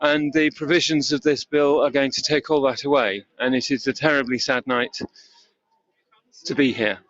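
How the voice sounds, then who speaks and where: An older man, a protester, speaking gravely and in measured phrases, interviewed into a handheld mic outdoors at night. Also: medium pitch, steady tone, fairly bright tone, no room sound. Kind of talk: on-the-spot street interview. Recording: dull lo-fi outdoor audio.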